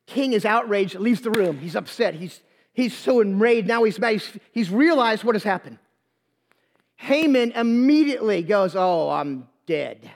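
High-voiced preacher retelling a story with humor. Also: male voice, moderate pace. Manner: lively, humorous, slangy retelling. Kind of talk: storytelling sermon. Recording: long hall reverb.

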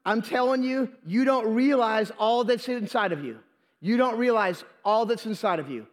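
A man's voice: high-pitched, normal speed. A man preaching a Sunday sermon in church, repeating phrases for emphasis and restarting words as he goes. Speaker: pastor. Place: church during a live Sunday service. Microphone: handheld or stand microphone.

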